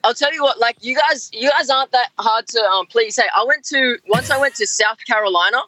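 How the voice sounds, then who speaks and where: A man's voice: very high-pitched, a little fast, sharp tone, no echo, rough recording. A young Australian man with an Australian accent, chatting casually and using local slang. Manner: laid-back, uses Australian slang. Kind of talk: casual podcast banter.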